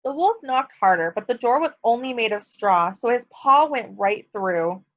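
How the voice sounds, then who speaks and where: A woman's voice: fairly high pitch, lively intonation, moderate pace. A woman teacher reading a picture book aloud to her students, stopping to ask questions and explain. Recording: dull lo-fi recording.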